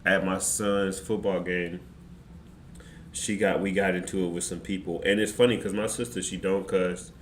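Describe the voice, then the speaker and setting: A man streamer telling a story in casual, slangy, animated fashion. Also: low voice, normal speed. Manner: animated, slangy, excitable retelling. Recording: roomy with faint background noise.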